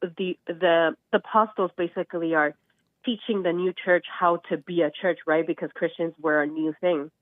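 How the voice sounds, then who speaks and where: A woman calls in to a talk show for a discussion, sick and nasal, speaking animatedly and acting out quotes with laughs. Her voice is fairly low and moderately paced, with no room sound on the tinny phone line.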